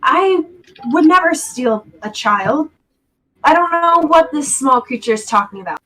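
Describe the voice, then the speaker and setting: A woman's voice: high-pitched, animated, a little slow, fairly bright tone, pitched above the performer's own voice, rough recording. A woman voicing a scheming old woman who takes a child as payment, cold and dismissive. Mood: innocent.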